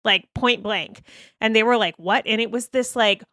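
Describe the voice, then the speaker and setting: A woman guest on a podcast, telling a personal story in casual, animated chat, swearing freely. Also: on the high side, normal speed, no echo, clean studio sound.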